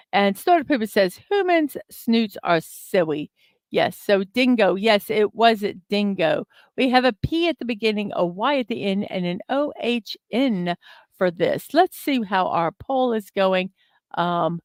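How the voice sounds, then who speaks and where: Slow, chatty woman hosting a live stream. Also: medium pitch, no room sound, studio quality. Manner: chatty, thinks aloud, many fillers, reads viewer comments aloud. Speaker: host of a daily morning livestream. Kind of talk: casual chat while playing a word puzzle. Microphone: desk microphone.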